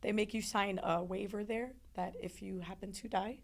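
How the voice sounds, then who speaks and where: A woman telling a painful personal story in an interview, emotional and halting, with frequent restarts. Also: medium pitch, fairly even intonation, creaky. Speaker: interview guest.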